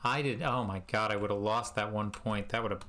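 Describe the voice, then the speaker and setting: A man's voice: on the low side, fairly even intonation, a little fast, bright, forceful tone, a little hiss or hum. A man giving casual gameplay commentary as a streamer, self-mocking and muttering his in-game commands aloud. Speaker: speedrunner and streamer.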